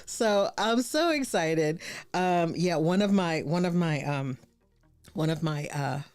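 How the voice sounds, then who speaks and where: A woman's voice: lowish voice, expressive, slow, a little mellow, no room sound, faint music behind. Bubbly woman hosting a live stream. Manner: bubbly, exclamatory, slangy, laughs often. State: tired after an all-nighter. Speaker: host. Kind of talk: casual live-stream chat.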